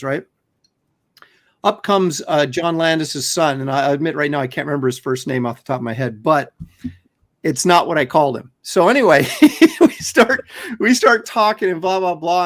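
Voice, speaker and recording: Man, high voice, podcast co-host, rambling animated storytelling, lots of fillers. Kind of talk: casual anecdote telling.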